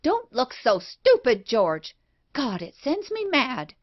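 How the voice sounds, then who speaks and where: Woman reading a shrill, frantic guilty woman. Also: animated, moderate pace, close to an everyday voice. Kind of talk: audiobook reading. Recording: dull lo-fi recording.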